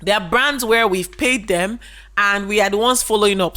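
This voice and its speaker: The woman's mid-range voice is pushed and bright, moving at a moderate pace. She's a business educator talking casually to camera, explaining via rhetorical questions and emphasizing key points by repeating them.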